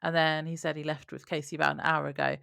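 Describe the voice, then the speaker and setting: A woman's voice: sits low, little pitch movement, quick pace, creaky, fairly bright tone, no echo, studio quality. A woman co-hosting a podcast, recapping a TV episode in casual chat and laughing often. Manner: laughs often, brief agreeing replies. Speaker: podcast co-host.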